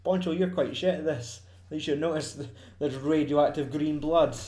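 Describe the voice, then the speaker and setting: A man's voice: a little high, normal speed, mellow, reverberant. A young man in casual chat about a film, swearing often, laughing and quoting scenes.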